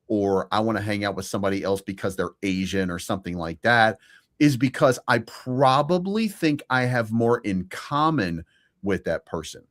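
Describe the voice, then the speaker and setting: A man's voice: on the low side, fairly bright tone. A man co-hosting a podcast, giving his opinions in casual chat, speeding up in bursts and swearing now and then. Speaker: podcast co-host.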